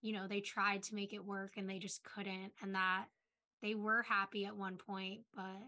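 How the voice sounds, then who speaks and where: A woman's voice: mid-range voice, little pitch movement, normal speed, pushed and bright. A woman co-hosting a podcast, agreeing easily and chatting about a TV episode with casual "like" fillers. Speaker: podcast co-host. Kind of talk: casual TV rewatch discussion.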